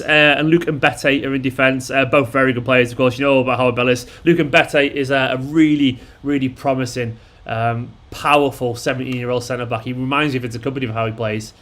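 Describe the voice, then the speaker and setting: A man's voice: medium pitch, steady tone, fairly quick, hardly any pauses, fairly bright tone. A man, chatting casually and rambling as the host of a live watchalong and answering viewers' messages. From Manchester, England. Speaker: fan channel host.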